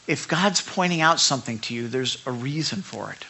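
A man preaching a sermon, animated and talking back and forth with his congregation, acting out quotes. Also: mid-range voice, normal speed, creaky, slight background noise. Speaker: pastor.

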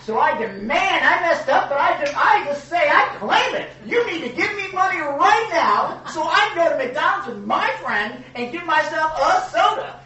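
A man's voice: very high voice, pushed and bright, roomy sound, distant mic, pitched above the performer's own voice, heavily acted, poor audio. A man voicing an entitled, demanding boy who whines and laughs through his lines.

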